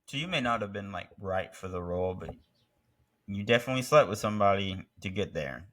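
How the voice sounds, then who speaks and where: Co-hosting a laid-back movie review podcast, a man jokes and teases, throwing in mocking mock-British impressions. His voice sits on the low side with a fairly bright tone, lively intonation and a slightly quick pace.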